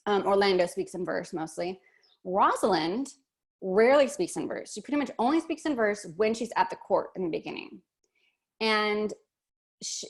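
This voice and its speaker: A woman teaching an online workshop lesson, chatty and thinking aloud with many fillers and restarts. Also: mid-range voice.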